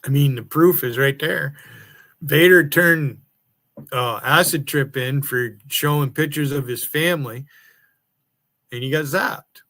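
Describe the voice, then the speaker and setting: A man's voice: a little high, a little slow, pauses often, pushed and bright. A man ranting angrily on a livestream, taunting and cursing at rival streamers and chatters. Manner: angry, profane, taunting. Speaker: live streamer. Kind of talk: profane livestream rant.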